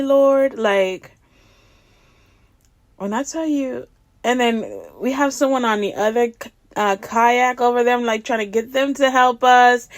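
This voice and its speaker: Lively woman telling a testimony. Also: on the high side, dry recording, clean studio sound. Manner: lively, laughing, acts out dialogue. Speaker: ministry speaker. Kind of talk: personal testimony storytelling.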